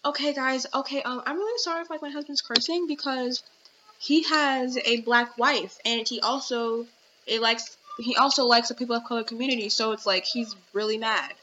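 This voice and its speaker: With a fairly high pitch and steady tone at normal speed, a young woman hosts a casual podcast from home. She rambles in her commentary, restarting frequently and leaning on fillers, over dull lo-fi audio with faint background noise.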